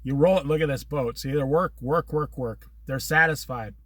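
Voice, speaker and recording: A man's voice: on the high side, moderate pace, no room sound. A middle-aged man in casual talk, rambling from story to story with religious asides. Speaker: vlogger.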